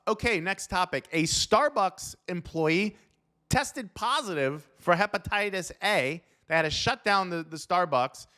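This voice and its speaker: Young guy comedian doing a snarky news rant, smooth kinda high voice. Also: lively intonation, measured pace, bright, forceful tone. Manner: sarcastic, riffing, incredulous. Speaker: comedian host.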